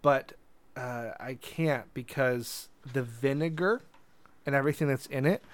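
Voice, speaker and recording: A man's voice: medium pitch, a little slow, no echo. Playful joking man, dry close sound. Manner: joking, playful, breaks into silly voices. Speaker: podcast co-host. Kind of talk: casual chat.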